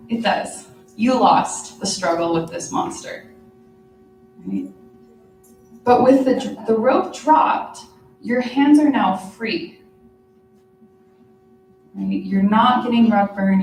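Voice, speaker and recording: A woman's voice: mid-range voice, mellow, a little hiss or hum. A woman gives a workshop talk in a conference room, talking easily and checking in with the audience as she goes. Her voice sits in the middle range. The recording picks her up from across a reverberant room. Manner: conversational, checks in with frequent "right?" and "okay?". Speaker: workshop presenter. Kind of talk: lecture to a live audience. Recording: echoey room, mic far off.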